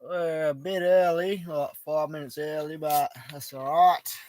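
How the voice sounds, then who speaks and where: Aussie guy on a live stream from his outback camp, easygoing, says g'day to everyone, kinda high voice, dry sound. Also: steady tone, a little slow, a little mellow, dry recording. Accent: Australian. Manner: laid-back, matey, greets viewers by name. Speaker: livestream host. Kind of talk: casual live stream chat.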